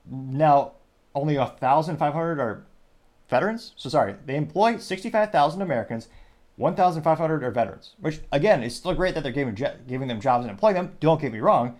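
A man's voice: on the high side, lively intonation, a little fast, a little mellow. A man hosting a news commentary podcast, talking in a wry, digressive way with joking asides. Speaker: podcast host.

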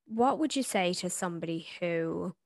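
A woman co-hosting a chatty podcast over a remote call, asking questions in a supportive way. Her voice is low and gravelly. It sits dry and close, with no room sound. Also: animated, moderate pace, a little mellow, no room sound. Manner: supportive, questioning, casual swearing. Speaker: podcast co-host. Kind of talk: casual chat. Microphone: remote call recording.

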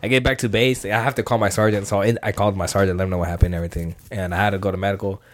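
A young man tells a story at a quick clip, rambling and casual, with swearing thrown in. He keeps jumping into the voices of the people in the story. His voice sits dry and close, with no room sound around it. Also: fairly low pitch, level tone, no room sound. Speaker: podcast co-host.

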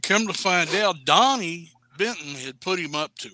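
A man, a guest distiller, telling stories in a casual, blunt, salty way that turns animated when he retells events. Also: sits high, moderate pace, slight background noise. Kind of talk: casual storytelling.

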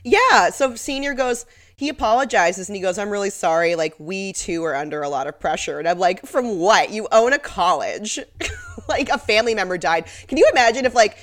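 A woman's voice: mid-range voice, lively intonation, brisk. A woman co-hosting a podcast in casual chat, sarcastic and laughing often. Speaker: podcast co-host.

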